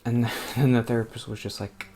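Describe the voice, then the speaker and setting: Speaking briskly with a medium-pitched, dark voice and flat delivery, a New Jersey let's play host offers casual gameplay commentary over slight background noise. He rambles and hesitates, using many fillers, interrupting himself and quietly muttering at the game.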